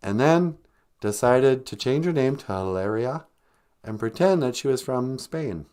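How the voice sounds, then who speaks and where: A man hosting a comic podcast, rambling and deadpan with sarcastic asides. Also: mid-range voice, measured pace, clear, resonant tone. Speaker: podcast host.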